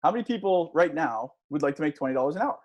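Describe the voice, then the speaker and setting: A man's voice: a little high, animated, fast, lo-fi sound. A man giving a guest talk to a class, telling a story conversationally and asking the audience for shows of hands. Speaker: guest speaker.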